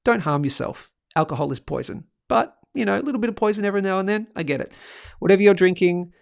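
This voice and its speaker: A man chats loosely on a livestream and keeps cracking jokes as he reads out viewer comments. His voice sits a little high and has a gravelly fry. The sound is close and dry, with no room echo. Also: fast talker. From Australia. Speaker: livestream host. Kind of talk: casual livestream chat.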